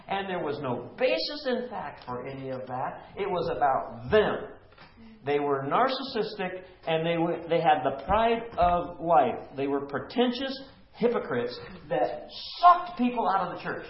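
A fairly high-voiced man teaches a Bible study with lively, swooping emphasis, often turning to his group with questions. The sound is lo-fi and dull, with plenty of room echo around him. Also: unhurried, a little hiss or hum. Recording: echoey room, lo-fi.

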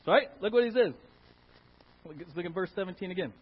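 A male pastor preaching an animated sermon and calling for amens, on a dull lo-fi recording. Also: sits high, a little fast, a little hiss or hum. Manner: animated, calls for Amen from the congregation.

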